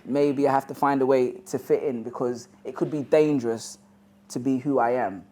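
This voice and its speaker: A man's voice: medium pitch, steady tone, normal speed, mellow. A man with a London accent, originally from Ghana, telling a personal story to a live audience in a loose, conversational way that is full of "you know" asides. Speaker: motivational speaker.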